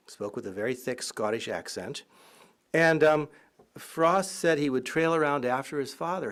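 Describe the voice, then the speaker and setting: A man, a college professor, giving a humorous public lecture full of anecdotes, often breaking into laughter and irreverent asides. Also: mid-range voice. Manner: lively, irreverent.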